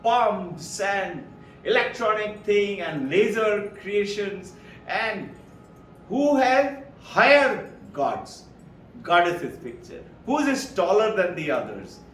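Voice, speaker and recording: A man's voice: very animated, takes it slowly, fairly bright tone, faint music behind. A man from India, giving an informal, anecdotal spiritual talk. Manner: rambling, anecdotal storytelling. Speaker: spiritual speaker. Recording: echoey room from far off, low rumble.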